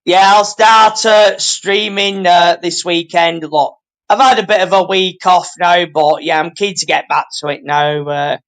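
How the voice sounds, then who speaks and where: A man's voice: sits high, fairly even intonation, measured pace, fairly bright tone. A man guest on a live stream, chatting in an easygoing, hesitant way with lots of ums and uhs. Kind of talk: casual chat on a live stream.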